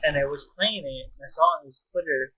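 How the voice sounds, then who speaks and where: A man's voice: on the high side, brisk, breathy edge, dull audio. A man co-hosting a podcast, chatting loosely, cursing and calling his friend dude. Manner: swears a lot, says "dude". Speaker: podcast co-host. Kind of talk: casual chat.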